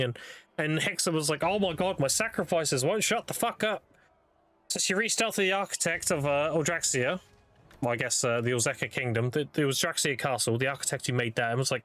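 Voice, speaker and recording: A young male streamer talks through grim game lore in a relaxed, rambling way, swearing freely. His voice sits a little high for a man. The sound is dry and close, with no room around it. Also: dry recording. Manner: profane, laid-back lore explainer. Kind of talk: casual storytelling while gaming.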